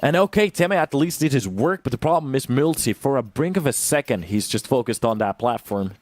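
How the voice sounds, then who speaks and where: A young man giving live play-by-play commentary on an esports match, swinging from calm analysis to loud bursts of excitement. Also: brisk, dry recording. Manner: calm analysis that jumps to loud, high-pitched excitement on big plays. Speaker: esports caster.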